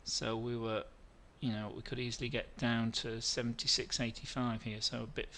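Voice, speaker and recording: Bright-voiced man walking through charts. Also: medium pitch, little pitch movement, normal speed, slight background noise. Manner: rambling, self-correcting, answers viewer questions. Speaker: trading webinar host. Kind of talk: live trading webinar, chart walkthrough.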